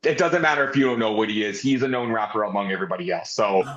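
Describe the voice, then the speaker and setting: A man's voice: on the low side, fast, fairly bright tone. A man co-hosting a casual wrestling review, talking animatedly and swearing often. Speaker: podcast co-host. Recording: roomy, dull lo-fi sound.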